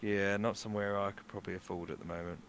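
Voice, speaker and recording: A man's voice: fairly low pitch, steady tone, fast, a little hiss or hum, close to an everyday voice. A man doing a chatty stage magician. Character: cheerful young male stage magician.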